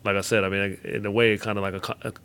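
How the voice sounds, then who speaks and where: Quick, reflective low-voiced man. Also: level tone, fairly bright tone, clean tone. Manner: reflective, measured. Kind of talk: casual podcast chat.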